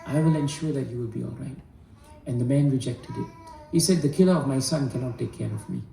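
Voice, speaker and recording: A man telling a devotional story in an earnest, deliberate way, voicing the characters' words within his own telling. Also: mid-range voice, creaky, mellow, echoey room, far from the mic, rough recording. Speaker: spiritual storyteller.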